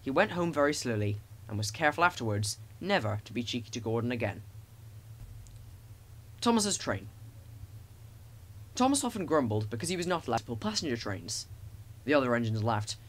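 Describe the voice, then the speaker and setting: A man narrating a children's storybook with expressive, animated storytelling. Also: medium pitch, fairly quick, long pauses, slight background noise. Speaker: audiobook narrator.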